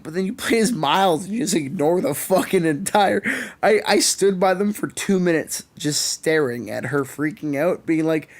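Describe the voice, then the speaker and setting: A man's voice: a little high, moderate pace. A young man with a Canadian accent, ranting sarcastically and swearing often as a podcast co-host. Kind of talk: casual chat. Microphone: podcast microphone.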